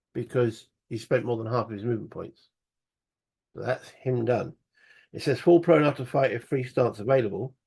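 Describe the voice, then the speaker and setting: Gravelly man talking through a board game. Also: medium pitch, fairly bright tone. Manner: muttering rules aloud, thinking through moves. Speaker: solo board-game player. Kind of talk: casual solo wargame playthrough.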